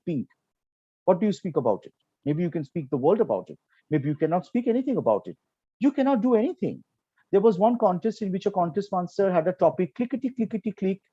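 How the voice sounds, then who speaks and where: A man's voice: high voice, mellow, slightly rough, dry recording, dull audio. A man from Kolkata with a Bengali accent, explaining earnestly on an online panel, with frequent fillers. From Kolkata, India. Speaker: program quality director.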